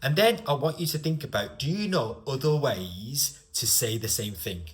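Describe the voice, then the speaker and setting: A man with a northern English accent, giving an online English lesson with slow, deliberate explanations. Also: medium pitch, animated. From northern England. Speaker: English teacher.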